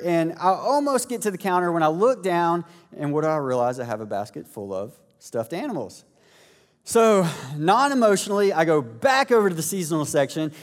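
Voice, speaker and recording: A man, a pastor telling a family story in a sermon with lively asides to the congregation. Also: fairly high pitch. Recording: echoey hall.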